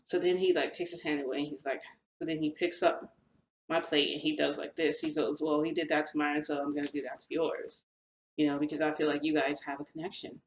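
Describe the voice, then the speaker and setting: A young woman with a low voice tells a long story to her channel in a chatty, animated way. She acts out the lines of the people in it. The room around her sounds echoey. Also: slight background noise. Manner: chatty, animated retelling with quoted dialogue. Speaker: vlogger telling a shifting story. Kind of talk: casual storytelling.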